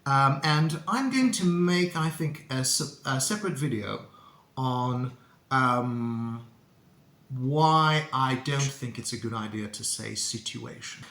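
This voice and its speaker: A man teaching English pronunciation to camera, speaking deliberately and repeating words for learners to copy. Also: medium pitch, a bit bright. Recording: echoey room.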